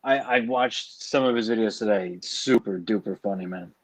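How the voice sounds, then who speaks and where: A man's voice: fairly low pitch, moderate pace, no echo, low-quality recording. A man co-hosting a late-night stream, chatting casually and rambling about guests and accents. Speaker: co-host.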